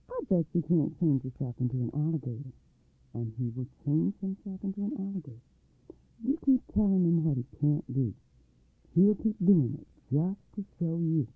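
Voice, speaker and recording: Man reading a calm firm mom giving advice, husky voice, phone-line sound. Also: on the high side, no echo. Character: wise, protective mother, calm and firm. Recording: dry tinny phone-like line.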